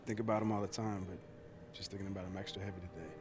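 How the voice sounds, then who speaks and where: Casting: male actor as young basketball pro, low and reflective, soft-spoken. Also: fairly even intonation, racing, background noise, close to an everyday voice. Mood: somber. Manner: subdued, reflective. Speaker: basketball player. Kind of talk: video game cutscene dialogue. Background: music.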